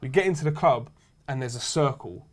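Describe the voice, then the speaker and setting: A man's voice: mid-range voice, a little fast. A man, a podcast co-host, telling a story in casual chat and laughing through the funny parts. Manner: lively, laughs through his own story.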